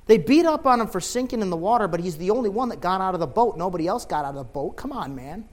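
A man preaching a sermon with passion, rising to loud shouts and dropping to quiet, low lines. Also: expressive, fast. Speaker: pastor.

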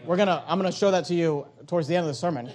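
Man, pastor, sermon, high voice, emphatic, loud peaks and quiet drops. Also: rapid-fire.

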